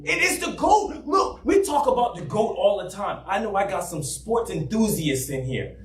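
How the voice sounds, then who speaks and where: A man preaching a sermon as pastor, emphatic and often shouting, in a church. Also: high voice, normal speed, a crowd in the background. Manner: mocks a flat monotone preacher for effect. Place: church sanctuary. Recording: echoey room from a distance.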